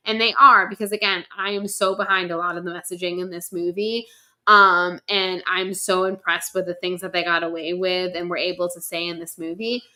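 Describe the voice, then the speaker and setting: Bright, emphatic young woman ranting. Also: medium pitch. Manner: emphatic, animated, swears freely. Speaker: podcast co-host. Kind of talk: casual ranting chat.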